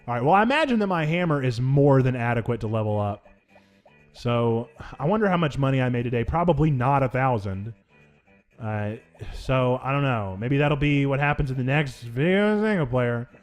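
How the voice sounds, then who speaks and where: A young adult man hosting a let's play, talking over the game in playful mock outrage with big swings in pitch. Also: expressive, normal speed, faint music behind. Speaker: gaming channel host.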